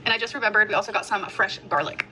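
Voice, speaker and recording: A woman vlogger showing off her grocery haul, listing items one by one in an unhurried way. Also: mid-range voice, bright, forceful tone, recorded from a distance, low-quality recording.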